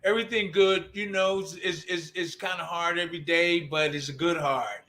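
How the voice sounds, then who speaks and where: A man's voice: fairly high pitch, steady tone, moderate pace, bright, forceful tone. An older man co-hosting a casual live stream, greeting viewers by name in a loose, easygoing way. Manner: loose, reads out and greets chat names. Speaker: co-host.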